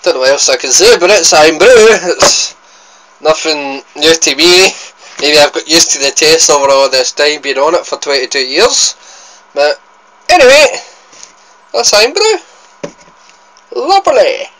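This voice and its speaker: A man's voice: fairly high pitch, moderate pace, pushed and bright, low-quality recording. A young Scottish man with a Scottish accent, chatting casually as he tastes sweets on his food vlog, rambling and correcting himself as he goes. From Scotland. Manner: rambling, chatty, self-interrupting. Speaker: food vlogger.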